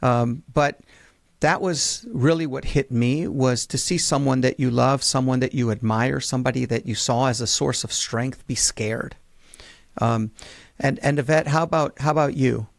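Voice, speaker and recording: A man hosting a podcast, speaking gently and hesitantly as he passes the floor to his guests. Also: medium pitch, vocal fry, no room sound, studio quality. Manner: gentle, hesitant, fills pauses with "um". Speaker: podcast host.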